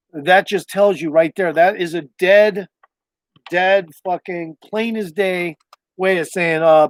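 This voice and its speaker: Streamer type: higher-voiced man, casual and cussing, dry close-mic home recording. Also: a little mellow, no echo. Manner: loose, profane, meandering talk. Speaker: livestreamer. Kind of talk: casual rambling livestream chat.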